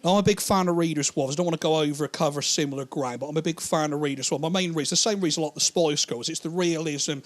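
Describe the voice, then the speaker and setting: Profane rambling stand-up comic. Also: male voice, on the high side. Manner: rambling, profane, acts out characters in quick put-on voices. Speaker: stand-up comedian. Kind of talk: stand-up comedy routine.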